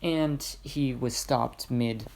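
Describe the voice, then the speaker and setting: Young male hobby narrator; gravelly, casual, hesitant reading with asides. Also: mid-range voice, slow pace, a little mellow. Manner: rambling asides, hesitant fillers. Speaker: fan fiction narrator.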